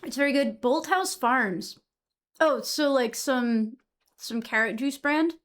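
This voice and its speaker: A woman's voice: high-pitched, slow, fairly bright tone. A young woman from Massachusetts chatting casually with her stream audience, answering chat messages and swearing freely.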